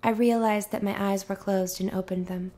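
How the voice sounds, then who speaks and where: A young woman giving a soft, measured and intimate reading of a novel as scripted narration. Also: mid-range voice, fairly even intonation. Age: young adult. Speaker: student reader.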